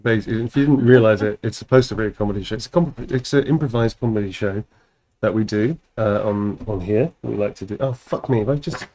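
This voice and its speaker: Playful, mellow-voiced man on a livestream. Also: lowish voice, brisk. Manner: playful, giggly, swears freely. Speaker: actor signing autographs on a livestream. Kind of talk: casual livestream chat.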